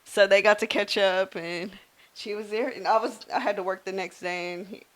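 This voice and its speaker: A woman's voice: mid-range voice, normal speed. A woman, a nurse co-hosting a podcast, telling a story in casual chat and acting out the people in it. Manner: animated storyteller, acts out quoted voices.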